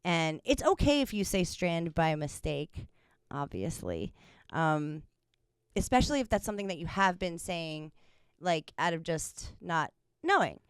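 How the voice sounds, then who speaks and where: A woman's voice: lowish voice, big pitch swings, a little slow, smooth, no room sound, clean studio sound. A young woman co-hosting a podcast in casual chat, rambling with lots of fillers and frequent laughter. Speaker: podcast co-host.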